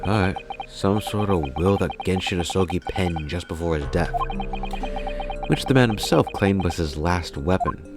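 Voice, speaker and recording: A man reading video game dialogue aloud as a let's play narrator, casual and halting. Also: low voice. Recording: game music behind voice.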